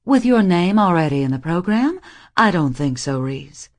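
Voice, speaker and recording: A woman's voice: fairly low pitch, sing-song, moderate pace, a little mellow, no echo, studio quality. A woman playing a haughty society mother. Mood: imperious. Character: cold, haughty society mother in her fifties.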